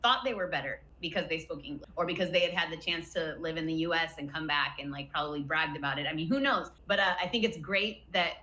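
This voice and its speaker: Bright-voiced American woman, animated. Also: low voice, fast, hardly any pauses, slight background noise, low-quality recording. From United States. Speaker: guest YouTuber. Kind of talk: casual roundtable chat.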